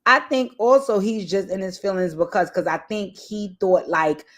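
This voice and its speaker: A woman's voice: medium pitch, moderate pace. A woman giving casual, candid commentary on a reality show, emphatic and profane, often tagging "right?" onto her points. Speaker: reality TV recap host.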